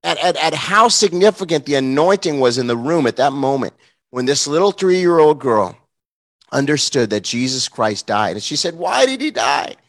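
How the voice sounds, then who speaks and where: A man's voice: medium pitch, moderate pace. A man preaching a morning sermon, telling a heartfelt personal story in an earnest, emotional way, with many fillers and restarts.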